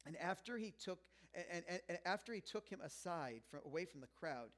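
A man delivers a sermon in a loose, conversational style, joking with the congregation. His voice sits a little higher than most men's. He swings from near hushes up to loud, pressing emphasis. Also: animated, brisk. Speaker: pastor.

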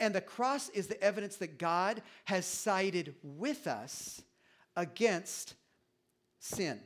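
A middle-aged male pastor preaching a sermon in a conversational, animated way, with many restarts. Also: sits high.

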